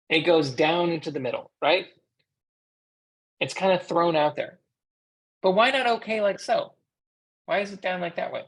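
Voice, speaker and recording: Voicing a sign language instructor in a lecture, an interpreter with an American accent uses a medium pitch. The style is conversational teaching, sprinkled with rhetorical questions for the class.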